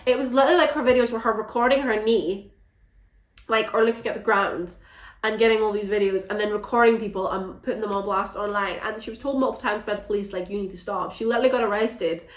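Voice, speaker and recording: A woman giving a frank, animated book wrap-up in a casual vlog, swearing now and then. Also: mid-range voice, fast, reverberant. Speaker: book reviewer.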